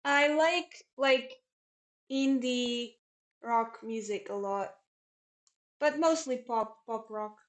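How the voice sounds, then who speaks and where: Young female chess streamer, fairly high voice, loose rambling chat with viewers. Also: slow, pauses often. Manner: chatty, rambling, answers chat questions. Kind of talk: casual live-stream chat.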